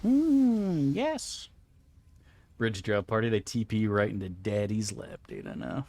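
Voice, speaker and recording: A man's voice: fairly low pitch, level tone, normal speed. A man streaming a game and chatting casually, joking around in a rambling, crude way. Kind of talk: casual gameplay commentary.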